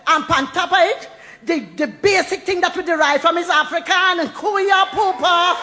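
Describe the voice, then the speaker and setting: A woman's voice: extremely high pitch, moderate pace, pushed and bright, faint music behind. A woman with a Jamaican accent talking and reciting verse, playful and laughing often, slipping into Jamaican Patois. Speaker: poet and storyteller. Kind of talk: lively spoken talk with recited verse.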